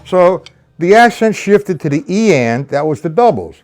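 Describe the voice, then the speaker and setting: A man's voice: high voice, very animated, normal speed, darkish tone, slight background noise. A man teaching a live-streamed drum lesson. He counts rhythms aloud, calls out stickings and talks to viewers by name. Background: drum kit.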